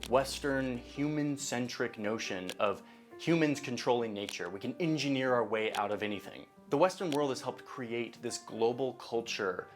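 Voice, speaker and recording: A man's voice: mid-range voice, normal speed. Wry man narrating over music. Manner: chatty and wry, with asides. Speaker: video narrator. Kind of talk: casual narrated explainer video.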